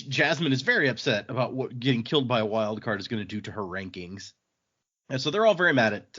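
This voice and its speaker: A man's voice: medium pitch, fairly bright tone, dull audio. A man hosting a podcast, casually recapping a novel's chapters with fillers and a loose, chatty manner. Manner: rambling, with fillers and laughs, acting out quotes. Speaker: podcast host.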